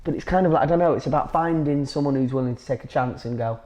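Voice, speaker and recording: Fast-talking Grimsby man. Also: medium pitch, warm tone, highs cut off. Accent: Grimsby, Lincolnshire. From England. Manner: rambling, restarts often, says "it's kind of like". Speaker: actor guest. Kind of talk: casual chat.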